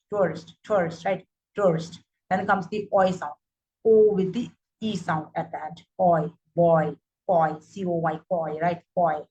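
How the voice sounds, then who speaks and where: A woman's voice: lowish voice, a little hiss or hum, poor audio. A woman, teaching English phonetics. She repeats example words and often checks in with "right?". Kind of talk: phonetics lesson.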